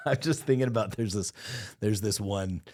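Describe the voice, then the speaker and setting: This man co-hosts a podcast, spinning stories in relaxed chat full of profanity, laughter, and animated impressions. He has a fairly low-pitched voice and an unhurried pace.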